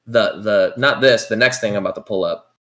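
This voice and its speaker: A man co-hosting a podcast in casual chat, excitable and rambling with frequent restarts. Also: fairly low pitch, brisk. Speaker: podcast co-host. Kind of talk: casual chat about toys and movies.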